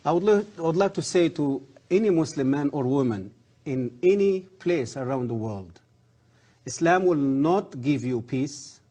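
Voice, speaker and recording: Earnest man, husky voice. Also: fairly high pitch, lively intonation, mellow. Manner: earnest, halting non-native English with rising emphasis. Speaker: guest, former professor. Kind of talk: religious TV interview.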